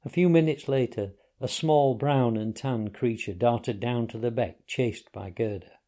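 A man calmly narrating a story in a measured, unhurried way. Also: medium pitch. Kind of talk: audiobook narration.

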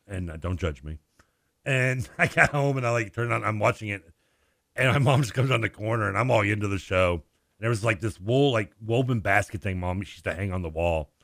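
Guy on sports radio, lowish bright voice, dry studio sound, tells stories big and animated. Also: fairly quick, vocal fry, dry recording. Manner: animated storyteller, acts out voices and laughs. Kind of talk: casual radio chat.

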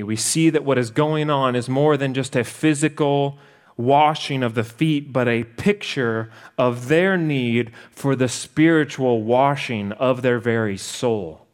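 A man preaching a sermon in an earnest way, slowing down to stress key points. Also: mid-range voice, smooth. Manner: earnest, slows down for emphasis.

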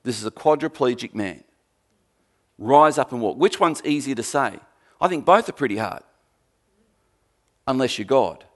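A man preaching a sermon, emphatic with dry humour, swinging from forceful peaks to quiet, low passages. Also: expressive, normal speed, pauses often. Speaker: pastor.

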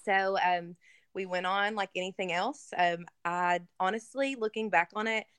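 Her voice is medium-pitched, fairly bright, clear and resonant, at normal speed, with clean studio sound and no room noise. She's a Kentucky interview guest relating an emotional personal story in a casual, earnest way, leaning heavily on fillers.

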